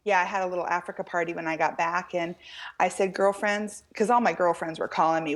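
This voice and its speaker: An American woman, middle-aged, telling a story as an author guest in an interview, lively and quoting people in animated voices. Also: lowish voice, brisk. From United States. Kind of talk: storytelling in a talk-show interview.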